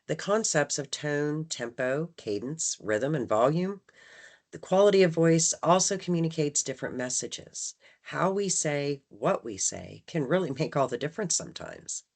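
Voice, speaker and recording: A woman with a deep, expressive, slightly mellow voice runs a staff training session at a moderate pace. She keeps the presentation conversational, often checking in with "right?", and acts out phrases with shifting emphasis.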